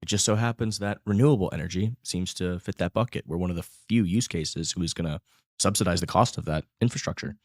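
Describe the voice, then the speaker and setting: Deep-voiced eager male podcast host. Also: brisk, no echo, studio quality. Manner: eager, affirming, loose with fillers. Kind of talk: casual interview chat.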